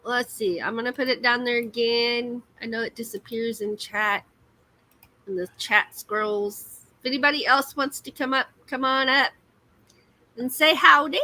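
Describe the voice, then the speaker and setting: A woman's voice: fairly high pitch, steady tone, a little slow, bright, forceful tone, low-quality recording. A woman, hosting a casual livestream chat while crocheting, giggly and self-deprecating. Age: 50s. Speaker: livestream host.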